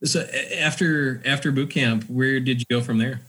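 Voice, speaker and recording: A male podcast host asking relaxed interview questions. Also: mid-range voice, normal speed, breathy edge.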